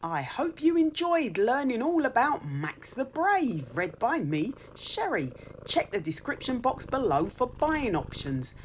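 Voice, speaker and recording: A woman reading a children's picture book aloud in a soft, whispery storytelling voice. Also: on the high side, very animated, measured pace, noisy background. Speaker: storybook reader.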